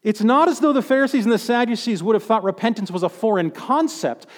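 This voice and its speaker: A man's voice: high-pitched, quick pace, long reverb tail. A man preaching a sermon in a conversational way, with joking asides.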